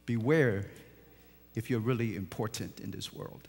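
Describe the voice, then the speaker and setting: A man, a pastor, delivering a sermon that swings from hushed, quiet passages to emphatic, rising declarations. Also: lowish voice, measured pace, vocal fry, breathy edge. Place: large church sanctuary. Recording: long church reverb.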